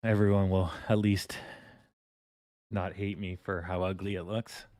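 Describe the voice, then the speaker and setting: Male livestream host, casual and profane, lowish voice, slow drawl. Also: flat delivery, darkish tone, dry recording, clean studio sound. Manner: rambling, chuckling, swearing casually. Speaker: stock trading livestream host.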